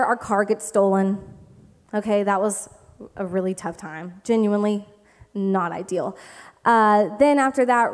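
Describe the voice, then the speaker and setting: A young woman preaching a humorous sermon to young adults, chatty and animated, often checking in with "okay?". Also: fairly high pitch. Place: church hall. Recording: reverberant hall.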